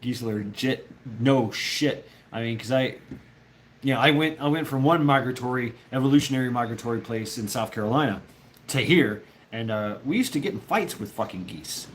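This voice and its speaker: A man's voice: medium pitch, normal speed, slight background noise. Rambling, foul-mouthed male streamer. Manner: rambling, profane, laughs often, talks to chat. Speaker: livestreamer chatting with viewers. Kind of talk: casual storytelling.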